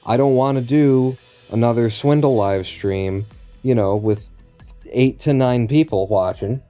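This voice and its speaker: A man's voice: medium pitch, measured pace, warm tone, soft background music. A man streaming a game live, talking to himself and the game in a rambling, profane way. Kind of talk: live gameplay commentary.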